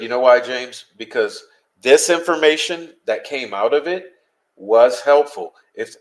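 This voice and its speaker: On his live-stream, a man who hosts a podcast gets heated and talks bluntly to the chat, dropping curses freely. Nothing about his delivery is polished; it's loose and chatty, pitched squarely in the middle range.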